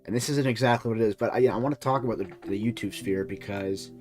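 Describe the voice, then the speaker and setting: A man's voice: fairly low pitch, fast, darkish tone, faint music behind. A young man streaming, reacting to a video with rambling, profane casual commentary full of restarts.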